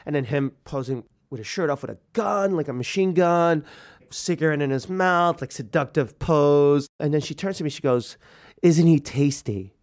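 A man's voice: fairly high pitch, moderate pace. A man telling a personal story in a conversational way, slipping into other people's voices as he recounts what they said. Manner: conversational, acts out dialogue.

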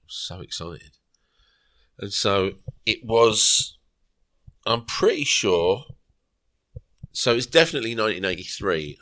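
Man, middle-aged, very deep voice, dry close sound, rambling storyteller. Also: fairly bright tone, no echo. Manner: rambling anecdotal, acts out quoted dialogue. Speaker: podcast guest. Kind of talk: storytelling interview.

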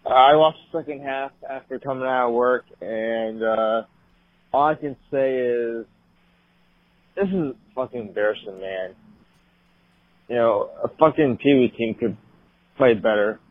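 A man's voice: medium pitch, unhurried, pauses often, no echo. A man calling in to a sports podcast, frustrated and swearing as he complains. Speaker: caller. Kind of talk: call-in sports chat. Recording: dry tinny phone line.

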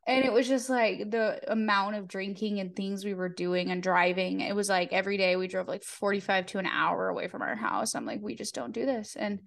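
A young woman telling stories to her podcast co-host in a loose, rambling way. Her sentences are stuffed with "like" and the odd curse word, and her voice sits at an ordinary middle pitch. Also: steady tone, a little fast, vocal fry, hardly any pauses. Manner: chatty, filler-heavy, lots of "like", swears casually. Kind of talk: casual chat.

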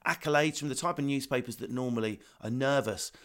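Man, essex accent, stand-up comic guest, rapid energetic talk, mid-pitched voice. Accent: Essex English. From England. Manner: fast, energetic, swearing, acts out voices. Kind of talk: animated casual interview chat. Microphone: remote video call.

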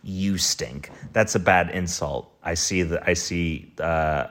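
A man's voice: low-pitched, steady tone, a little slow, a bit bright. A man hosting a podcast, reading from his notes and giving wry, casual movie commentary with some swearing. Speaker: podcast host. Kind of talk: casual movie review chat.

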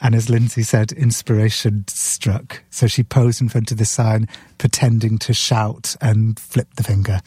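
A man's voice: fairly low pitch, level tone, measured pace, mellow, husky, no echo. A man talking as a guest in a podcast conversation, earnestly retelling a story scene by scene. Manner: sipping beer while talking. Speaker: author guest.

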